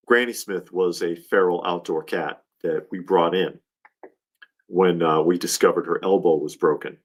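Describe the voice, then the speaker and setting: A man hosting a casual livestream, rambling and heartfelt as he talks, often restarting his sentences. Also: sits low. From Georgia, US. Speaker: livestream host.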